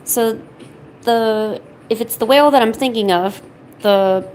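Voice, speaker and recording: A woman's voice: fairly high pitch, measured pace, darkish tone, a little hiss or hum, rough recording. A woman streaming while she draws, chatting casually and scolding her cat in a mock-stern way. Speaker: art streamer.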